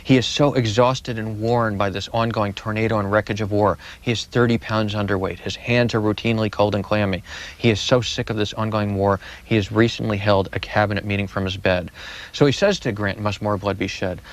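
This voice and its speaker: Low-voiced man telling history dramatically. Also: steady tone, a little fast. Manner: vivid dramatic storytelling with repetitions. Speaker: historian guest. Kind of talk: storytelling interview answers.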